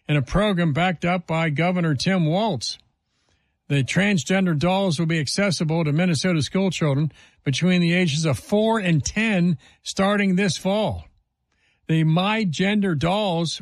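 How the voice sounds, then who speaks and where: A male talk radio host holding forth with emphatic indignation, firing off rhetorical questions. His voice sits fairly high for a man, and the studio sound is close and dry, with no room around it. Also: no room sound.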